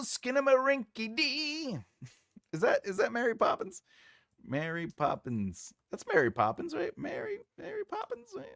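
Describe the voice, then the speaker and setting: A man's voice: fairly high pitch, gravelly, fairly bright tone, dry recording, clean studio sound. A man hosting a casual livestream and reading out viewer comments. He rambles, trails off while searching for names, and laughs often. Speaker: writing livestream host.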